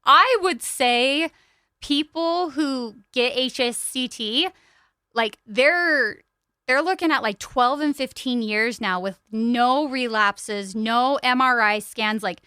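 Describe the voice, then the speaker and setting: A woman talks candidly as a podcast guest, her voice bright and a touch above average in pitch. Her tone is smooth and clean, and she keeps up a loose, chatty flow full of casual fillers. The sound is close and dry, with no room around her. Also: slow pace, no room sound. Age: young adult to middle-aged. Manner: open and chatty, frequent "like" fillers. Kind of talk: candid personal storytelling. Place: podcast studio.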